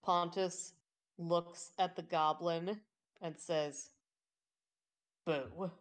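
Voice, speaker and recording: A woman playing a tabletop role-playing game, describing her character's actions deliberately. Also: mid-range voice. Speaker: player. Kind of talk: casual tabletop game chat.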